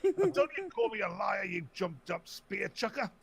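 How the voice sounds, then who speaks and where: A man's voice: sits high, big pitch swings, moderate pace, creaky, fairly bright tone, husky, pitched above the performer's own voice, full character voice. A man putting on the voice of an indignant, blustering old man answering a phone scammer. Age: 50s. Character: cranky bigoted old British man on the phone.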